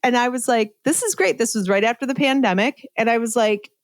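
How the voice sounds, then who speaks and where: A woman's voice: fairly high pitch, fairly quick, no room sound. A middle-aged woman telling her story as a podcast guest in a casual, chatty way, full of "like" and "right?" and laughing at herself.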